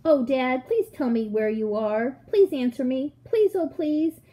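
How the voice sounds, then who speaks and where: A frightened young boy cries out into the dark for his father, as a woman reading a storybook aloud puts him on. His calls climb high and plead, with a soft, mellow tone. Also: animated, moderate pace, slight background noise.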